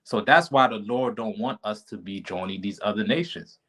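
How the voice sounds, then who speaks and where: A man's voice: fairly low pitch, normal speed, fairly bright tone, low-quality recording. A man teaching a class casually over a live stream, informal and often checking in with his listeners.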